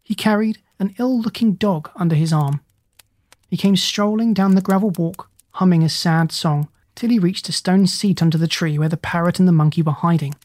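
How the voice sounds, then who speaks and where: A reader narrating a children's storybook in a steady, gentle way. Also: mid-range voice, moderate pace, dry recording. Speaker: audiobook reader.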